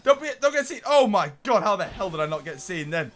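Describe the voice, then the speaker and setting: A young man giving excitable gameplay commentary, yelling at enemies and laughing as he plays. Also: high voice, fairly quick. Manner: excitable, swears mildly, often laughs and yells at enemies. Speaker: gaming YouTuber.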